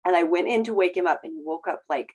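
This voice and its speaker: A middle-aged woman host in casual conversation, speaking earnestly and reflectively, with brighter quoted asides. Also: on the low side, fast, husky.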